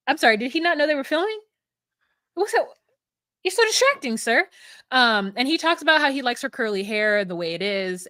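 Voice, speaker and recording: A young woman with a bright, slightly high voice chats animatedly through a reality-show recap. She acts out the quotes as she goes. The sound is dry and close, with no room echo. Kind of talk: casual recap chat.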